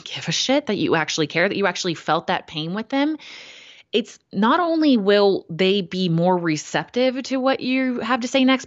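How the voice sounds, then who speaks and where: A woman co-hosting a podcast in casual chat, animated and blunt, swearing casually and acting out what others said. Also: medium pitch, dry recording, lo-fi sound. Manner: animated, swears casually, acts out quoted voices. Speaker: podcast co-host.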